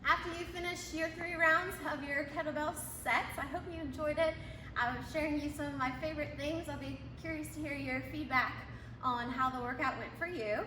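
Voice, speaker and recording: Female fitness coach, clear step-by-step cues while moving, echoey room. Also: high voice, steady tone, a little fast, sharp tone, a little hiss or hum. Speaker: fitness trainer. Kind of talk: workout demonstration instructions. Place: gym. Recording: echoey gym, mic at a distance.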